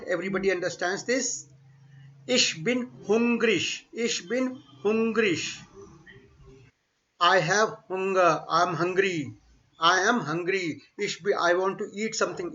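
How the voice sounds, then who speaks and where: Muffled, lo-fi audio reminiscent of a remote class carries a German teacher's high, bright male voice. He drills phrases slowly, saying each one more than once, and explains them in English with Hindi mixed in.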